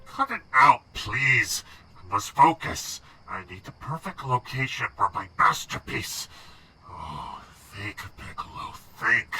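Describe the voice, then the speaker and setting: A man's voice: medium pitch, sing-song, slow pace, pushed and bright, a little hiss or hum, heavily acted. An actor playing a grumpy, fussy male ghost artist in a wheelchair, with a nasal, brusque and impatient voice, in a video game. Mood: fretful. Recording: game audio with faint music.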